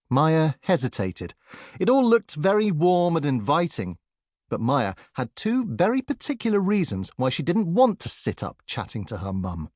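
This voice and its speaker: A man narrating a children's audiobook in an expressive storytelling manner. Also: on the high side, dry recording, studio quality. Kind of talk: scripted narration.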